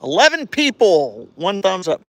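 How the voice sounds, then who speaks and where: A man casually livestreaming from a residential street, cheering a child on and rambling with halting restarts into his phone. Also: high-pitched, huge pitch swings, no echo. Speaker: vlogger livestreaming. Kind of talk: casual live-stream chat.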